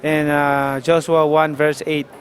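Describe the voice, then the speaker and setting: A man from the Philippines, a boxer answering interview questions haltingly, with many fillers and restarts. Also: fairly high pitch, level tone.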